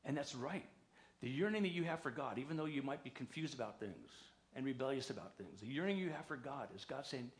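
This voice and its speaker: A man's voice: expressive, fairly quick. A male pastor preaching a conversational sermon in a church, telling stories and acting out quoted voices. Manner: conversational storytelling preaching, acts out quotes with raised pitch. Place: church sanctuary.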